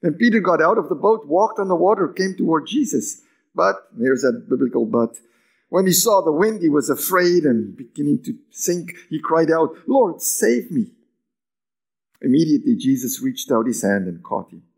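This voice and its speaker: A man preaching a sermon as pastor, moving between emphatic lines and hushed near-whispers, with raised, lively pitch when acting out quoted lines. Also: moderate pace, creaky.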